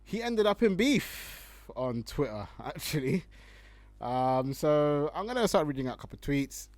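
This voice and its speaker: Animated young man podcasting. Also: on the high side, unhurried, no echo. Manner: animated, laughs often, slangy, reads tweets aloud. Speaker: podcast host. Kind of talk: casual solo podcast commentary.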